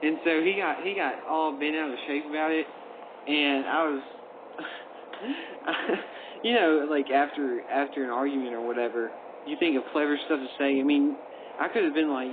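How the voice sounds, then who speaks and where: A young man with a slightly higher voice tells a prank story, laughing and acting out what people said. The sound is thin and phone-like, with noise underneath. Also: moderate pace. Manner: animated, laughs, acts out voices. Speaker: friend telling a story. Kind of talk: casual storytelling.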